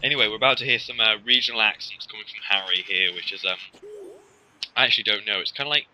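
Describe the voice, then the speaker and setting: Low-voiced man, bright sharp tone, rambling jokey let's-play host, faint music under. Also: quick pace, low-quality recording. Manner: rambling, joking, full of ums. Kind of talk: casual gameplay commentary.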